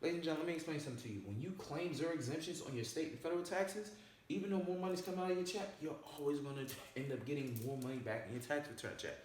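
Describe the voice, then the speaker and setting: Talking fast in a slightly high, expressive voice with a darkish tone, a personal finance presenter runs through a casual money-saving explainer. He leans on each point and checks in with "all right?" and "okay?", all in a very echoey room.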